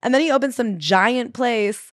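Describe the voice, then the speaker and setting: Animated woman chatting casually. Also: on the high side, normal speed, dry recording, studio quality. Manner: animated, jokey, reads quotes aloud. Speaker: podcast co-host. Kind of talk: casual book-club chat.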